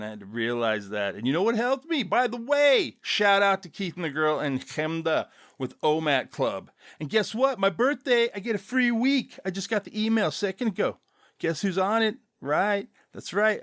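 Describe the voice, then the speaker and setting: A man hosting his own podcast, rambling loosely and casually with chuckling asides, relaxed after an edible. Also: fairly high pitch, moderate pace, no room sound, clean studio sound. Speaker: podcast host.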